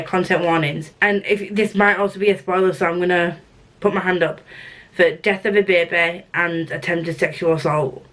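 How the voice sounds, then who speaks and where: A young woman with a Yorkshire accent, chatting casually to camera as a book vlogger, rambling with restarts. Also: on the low side. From Yorkshire, England.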